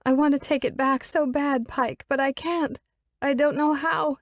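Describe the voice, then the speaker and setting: Female narrator voicing a distraught young woman: wailing, pleading, voice pitched well up. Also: fairly even intonation, a little slow, no room sound.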